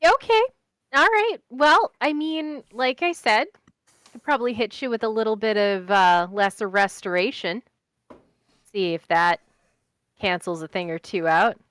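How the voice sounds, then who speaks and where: A woman's voice: medium pitch, unhurried, a bit bright, no echo. A woman role-playing a healer at a tabletop game, cheerful and eager to help. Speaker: tabletop game player, cleric. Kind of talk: in-character role-play.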